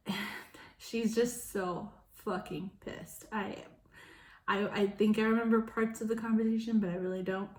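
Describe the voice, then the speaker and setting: A young woman vlogger tells a personal story casually, frank and full of swearing, laughing between lines and acting out quoted voices in sudden loud, high bursts. Her intonation is fairly even at normal speed, in an echoey room.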